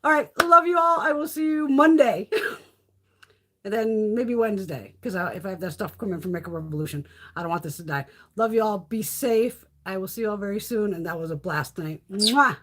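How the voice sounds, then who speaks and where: Her mid-range voice moves a little fast as she hosts a casual phone livestream about beauty. She's a profane storyteller who laughs often.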